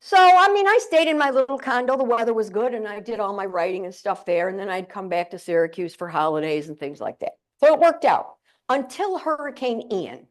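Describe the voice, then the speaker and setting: A woman's voice: medium pitch, lively intonation, fairly quick. An older woman from central New York giving a humorous motivational keynote to a live audience, telling stories with chatty, playful asides. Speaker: keynote speaker. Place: conference room with audience.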